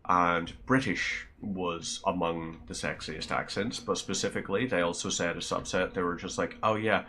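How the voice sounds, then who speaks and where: Low-voiced Northern Irish streamer. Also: male voice, steady tone, normal speed, bright, forceful tone, slight background noise. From Northern Ireland. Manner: rambling, chatty, talks to viewers by name. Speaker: game streamer. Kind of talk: casual chat while live-streaming a game.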